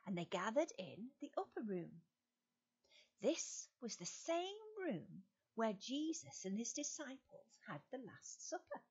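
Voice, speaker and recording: An English woman leads a children's Sunday school lesson at a very slow, deliberate pace, her fairly high voice swooping up and down in a sing-song way. Her tone is a little husky, and the dull, lo-fi sound of a home video recording sits over it. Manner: slow, sing-song quizzing with exaggerated rises.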